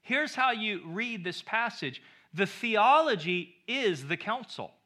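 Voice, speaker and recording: A man preaching a sermon with a high, ringing voice. He is an emphatic pastor who drives points home by repeating his phrases. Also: animated, slow pace, sharp tone.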